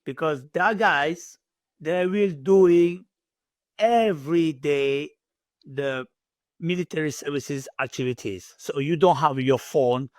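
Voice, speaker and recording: Speaking slowly in a fairly high voice, an Ivorian young man chats as a guest in a casual interview. His English is non-native and animated, full of "you know" and "bro." The recording is dry, made in a small military lodging room.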